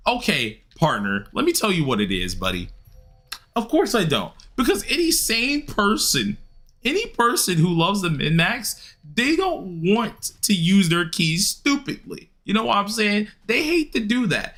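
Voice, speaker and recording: Young man, game streamer, casual rambling chat, very lively pitch, bright edgy tone. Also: moderate pace. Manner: animated, rambling, jumps into high excited yelps.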